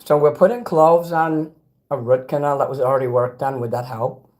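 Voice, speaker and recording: A man's voice: mid-range voice, steady tone, moderate pace. Chicago guy rambling on a livestream, reads chat, chews between lines, blunt and sweary. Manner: talks while eating snacks.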